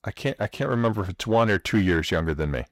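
A man's voice: on the low side, animated, fast, no echo, clean studio sound. A man in his forties joking around in casual banter as a co-host, slipping into silly voices. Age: 40s.

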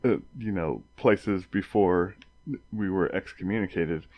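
A man's voice: low-pitched, unhurried, dry recording, muffled recording. A man in casual chat, arguing his point with stumbling restarts.

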